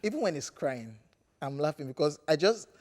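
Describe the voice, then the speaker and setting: A Nigerian man co-hosting a TV entertainment show, presenting countdown segments and joking with an expressive delivery. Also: fairly high pitch, normal speed. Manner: expressive, animated, playful. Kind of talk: presenting and studio banter.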